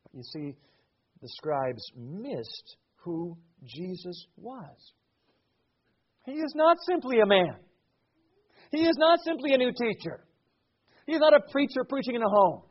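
A man's voice: high voice, big pitch swings, unhurried, long pauses, slightly rough, muffled recording. A man preaching a sermon. His cadence rises and falls, and he repeats words as he builds a point. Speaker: pastor.

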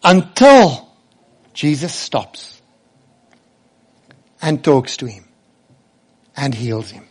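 A man preaching a sermon, emphatic, slowing and rising as he quotes scripture. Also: mid-range voice, darkish tone, breathy edge.

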